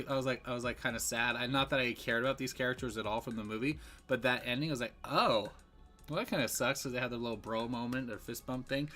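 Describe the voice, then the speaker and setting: A man's voice: medium pitch, bright, forceful tone. Guy rambling thru a movie review, lots of ums, faint music behind. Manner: rambling, digressive, with many fillers and restarts.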